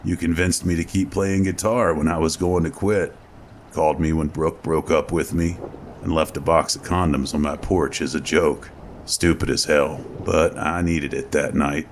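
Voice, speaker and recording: A man's voice: extremely low pitch, fairly even intonation, normal speed, a little hiss or hum. A man voicing a blunt, foul-mouthed soldier who is the narrator's weary best friend, in a spoken horror story. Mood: earnest. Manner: gruff and blunt.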